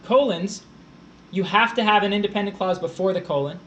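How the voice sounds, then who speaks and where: A high-pitched male voice teaching a live-streamed grammar lesson. He walks through punctuation rules one step at a time and breaks off to answer viewers in chat. A faint hiss sits under his voice. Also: a little fast, fairly bright tone, muffled recording. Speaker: test prep tutor.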